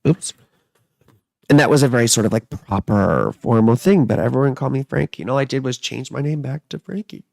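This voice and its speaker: A man's voice: medium pitch, fairly quick, creaky, a little mellow, no echo. A man, an astrologer and tarot reader, chatting casually on a livestream and answering viewer comments in a rambling, playful way. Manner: rambling and playful, mixing jokes with musing.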